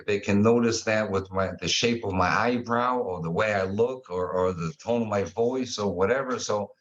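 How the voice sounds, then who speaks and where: Man, animated storyteller, casual guest chat, muffled sound. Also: lowish voice. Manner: animated storyteller, acts out quotes. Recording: dull lo-fi sound.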